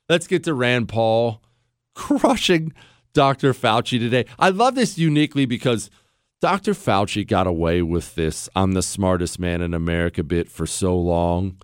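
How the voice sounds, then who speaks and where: A man's voice: medium pitch, no room sound, clean studio sound. A man in his forties hosting a talk radio show, brash and sarcastic, swinging his voice up and down as he mocks callers and riffs. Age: 40s. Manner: sarcastic, brash, fast-shifting, mock-acts callers.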